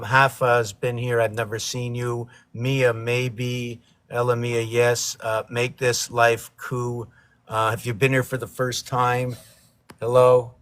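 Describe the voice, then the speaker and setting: A man hosting a casual painting livestream, rambling playfully through wordplay and letter puzzles. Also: mid-range voice. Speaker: livestream host painting on camera.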